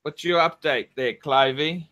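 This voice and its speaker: High-pitched man ranting angrily. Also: unhurried, sharp tone, highs cut off. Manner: angry, swearing ranting. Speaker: live stream host. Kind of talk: casual live-stream chat.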